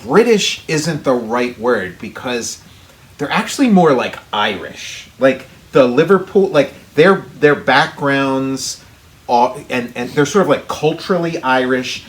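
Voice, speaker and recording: A man co-hosting a casual podcast, rambling through long explanations full of "like" and "you know". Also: mid-range voice. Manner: rambling, many fillers and restarts. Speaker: podcast co-host. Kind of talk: casual chat.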